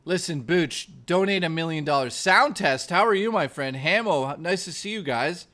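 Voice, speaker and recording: A man's voice: a little high, animated, moderate pace, sharp tone. A man hosting a livestream, chatting casually with viewers, reading out their messages and joking with a lot of swearing. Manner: profane, joking, reading chat aloud. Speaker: streamer host.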